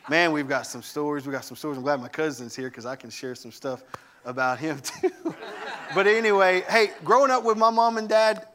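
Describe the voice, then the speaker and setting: Animated man preaching with humor. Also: on the high side, brisk, a little hiss or hum. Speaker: guest preacher. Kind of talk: sermon.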